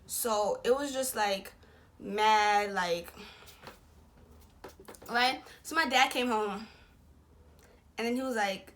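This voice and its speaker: A young woman vlogger telling a personal story in a casual, slangy, animated way, acting out what people said. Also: on the high side, takes it slowly, long pauses. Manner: slangy, animated retelling with quoted voices.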